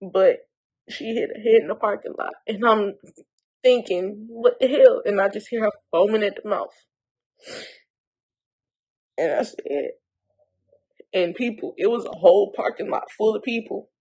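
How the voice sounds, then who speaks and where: Young woman with a gravelly voice. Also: mid-range voice, unhurried, long pauses, darkish tone, rough recording. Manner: emotional, blunt, holding back tears. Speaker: vlogger. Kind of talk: storytime vlog.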